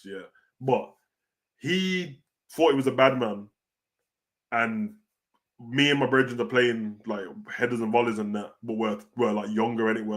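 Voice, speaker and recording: Brief: British male wrestling reaction host, mid-range voice, chatty and animated, heavy street slang. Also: mid-range voice. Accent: British (London street slang). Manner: animated, slangy, peppers every line with "bro". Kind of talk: casual reaction commentary.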